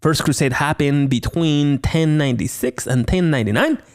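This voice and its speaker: A man's voice: on the high side, moderate pace. A man hosting a solo horror movie review podcast, playful and chatty, joking with himself between explanations. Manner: playful, lively, slips into silly voices and banter with himself. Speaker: podcast host.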